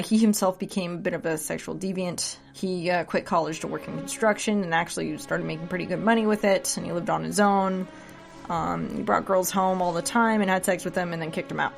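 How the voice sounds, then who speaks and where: A woman's voice: fairly low pitch, vocal fry. A drunk woman reading a story aloud at home under a blanket, loose and rambling with side notes.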